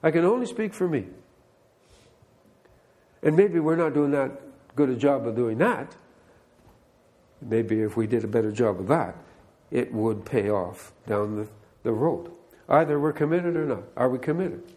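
A man's voice: mid-range voice, animated, a little slow, long pauses, darkish tone. An older man, a pastor, giving a conversational sermon that mixes scripture reading with plainspoken remarks and direct questions to the listeners.

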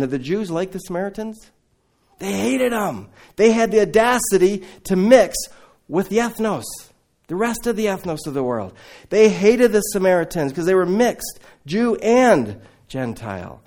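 A man's voice: fairly high pitch, a little mellow. A male preacher retelling gospel stories in a sermon, asking questions and repeating key words.

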